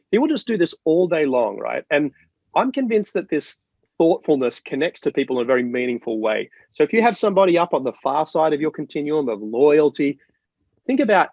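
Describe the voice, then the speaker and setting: A man from Australia, a guest in an interview, explaining ideas in an animated, storytelling way with many restarts. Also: fairly high pitch, fairly quick, dry recording, lo-fi sound. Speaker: marketing guest. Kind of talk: interview conversation.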